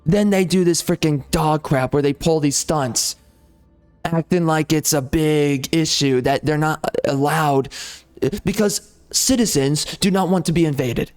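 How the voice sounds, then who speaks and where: A man's voice: fairly high pitch, measured pace, darkish tone, clear, resonant tone, soft background music. A man ranting heatedly over gameplay, swearing and repeating himself as he argues. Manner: heated, profane, repetitive ranting. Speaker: gaming channel host.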